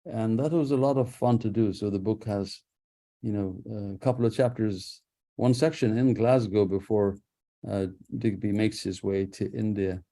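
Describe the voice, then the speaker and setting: A man speaking as an author guest on a radio interview, thoughtful and unhurried, with restarts and soft laughs. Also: on the low side, fairly even intonation. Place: radio studio.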